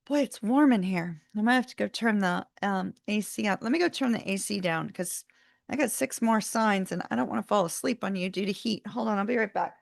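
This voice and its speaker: A woman's voice: medium pitch, brisk, gravelly, dry recording, clean studio sound. A woman hosting a live tarot stream, chatting casually with viewers, laughing often and sounding sleepy and yawning. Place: warm room at home.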